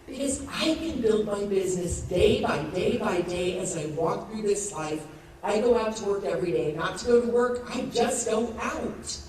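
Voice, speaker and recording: A woman in her sixties telling a lively story on stage and acting out the people in it, laughing often. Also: medium pitch, moderate pace. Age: 60s. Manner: animated storytelling, acts out quoted voices, laughs often. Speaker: network marketing speaker. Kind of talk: motivational talk on stage. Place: large event hall with audience. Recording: echoey hall, distant mic, crowd noise.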